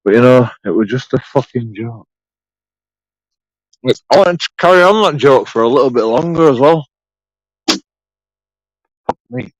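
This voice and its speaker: A man's voice: medium pitch, lively intonation, moderate pace, long pauses, no echo, dull audio. A man rambling sarcastically through a profane solo vlog, repeating himself as he goes. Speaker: YouTube auditor.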